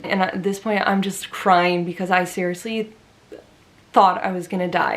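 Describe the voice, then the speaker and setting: A woman vlogger telling a personal story to camera in an earnest, emphatic way, with lots of "like" fillers. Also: mid-range voice.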